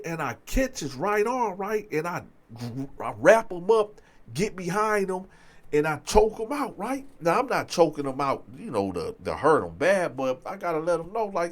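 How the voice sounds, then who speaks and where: Animated man telling a street story. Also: normal speed. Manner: animated, swings loud and high when excited. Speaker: storyteller host. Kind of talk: casual storytelling to viewers.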